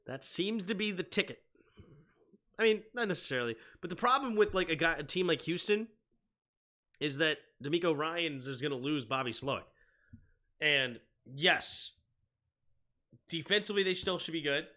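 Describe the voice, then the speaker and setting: Brief: young male streamer, very bright tone, excitable play-by-play, banter between downs. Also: on the high side, normal speed, long pauses. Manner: excitable, rises to shouting on big plays. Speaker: sports stream host and play-by-play caller. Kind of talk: live play-by-play and casual chat.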